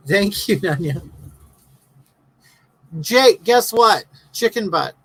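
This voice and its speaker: Fifty-something streamer ranting at chat, blunt and sarcastic, reading comments out loud. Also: mid-range voice, expressive, very slow, husky, low-quality recording. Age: 50s. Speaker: livestream host. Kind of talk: casual livestream chat reading viewer comments.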